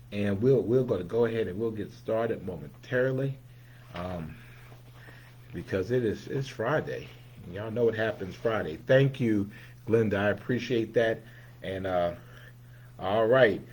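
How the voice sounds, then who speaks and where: A man's voice: measured pace, long pauses, a little hiss or hum. Upbeat man greeting viewers by name. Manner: swings between bright calls and low mumbled asides. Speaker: livestream host. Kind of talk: casual livestream greetings.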